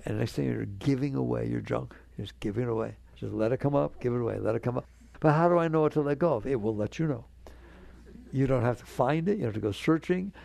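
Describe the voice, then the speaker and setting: A man's voice: mid-range voice, vocal fry, warm tone, no room sound. A man giving a spiritual talk to an audience, earnest and conversational, coaxing his listeners along. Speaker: spiritual teacher.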